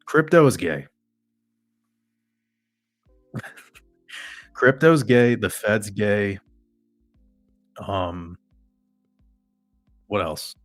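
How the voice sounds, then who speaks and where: A man's voice: lowish voice, lively intonation, extremely slow, pauses often, no room sound, faint music behind. Profane ranting man, dry close sound. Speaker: host. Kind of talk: casual rant to a livestream chat.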